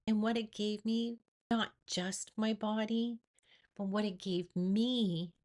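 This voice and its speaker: A middle-aged woman shares a personal story with her viewers. Her voice sits at an ordinary pitch for a woman. Her delivery is earnest and reflective, and she often acts out the things she said to herself. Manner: earnest, reflective, with acted-out inner quotes. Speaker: vlogger sharing personal story.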